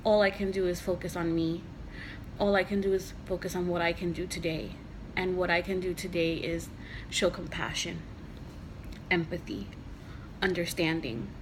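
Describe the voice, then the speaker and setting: A woman speaking to camera about faith and the ego, earnest and heartfelt, with slow emphatic repetitions and soft near-whispered phrases. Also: lowish voice, slight background noise, low-quality recording. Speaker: mother sharing spiritual reflections. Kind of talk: personal reflective monologue.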